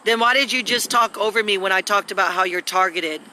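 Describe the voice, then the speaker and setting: A woman's voice: medium pitch, a little fast, pushed and bright, slight background noise. A woman rambling and scolding through a live video at home, recorded on a phone. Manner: agitated, scolding, talks in long rambling runs.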